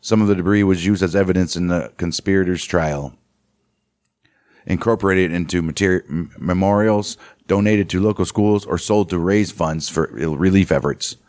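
A man's voice: low-pitched, moderate pace, a little mellow. A man co-hosting a podcast, reading history aloud with muttered reactions and some stumbles. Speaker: podcast co-host. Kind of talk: reading history and casual chat.

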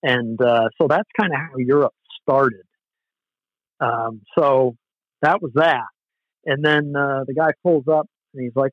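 A man casually telling an animated, loose, swearing story about touring as a musician. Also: medium pitch, measured pace, dry recording. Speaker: musician guest. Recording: dull, lo-fi sound.

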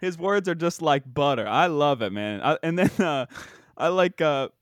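A man's voice: fairly high pitch, lively intonation, moderate pace, no echo. A young man co-hosting a podcast in casual chat, laid-back, laughing often and calling people dude and bro. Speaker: podcast co-host.

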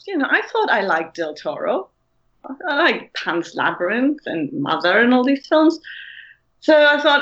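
German lady guest on a podcast, blunt and opinionated, bright voice, kinda dull lo-fi audio. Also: a little high, sing-song, normal speed. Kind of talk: casual panel chat.

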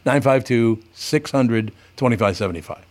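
A man with a mid-range voice speaks at a moderate pace as he hosts a radio show. He is an animated storyteller, trading casual banter and swearing freely.

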